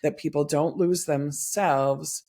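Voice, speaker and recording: A host interviewing a guest, speaking in a warm and caring way. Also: mid-range voice, steady tone, slow pace. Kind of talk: interview conversation.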